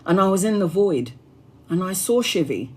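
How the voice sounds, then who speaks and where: A woman's voice: lowish voice, lively intonation, normal speed, a little mellow, breathy edge. A woman tarot reader telling a personal story on a livestream in an earnest, heartfelt, spiritual way.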